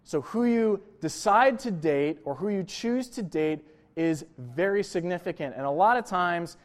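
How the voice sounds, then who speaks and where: A man's voice: high voice, animated, measured pace. A young adult man, a pastor, preaching a sermon in a conversational, personal way, often checking in with "right?" and "you know" as he talks.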